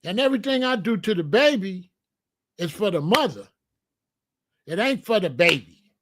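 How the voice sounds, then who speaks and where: Male host, high voice, preachy and repetitive, casual monologue. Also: a bit bright, slight background noise. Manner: preachy, repetitive, emphatic advice to men.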